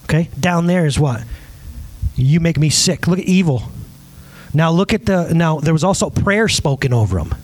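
Man, 30s, pastor, sermon, husky, lively pitch, emphatic, questions the crowd. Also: normal speed. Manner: emphatic, animated preaching to a congregation, asking the crowd questions. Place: church service before a live audience.

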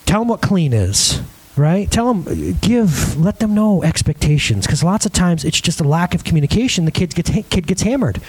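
A man preaching a lively sermon on parenting, acting out scenes and asking his audience questions. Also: high voice, moderate pace, breathy edge. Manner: animated, acts out scenes in different voices; chatty, asks the crowd questions.

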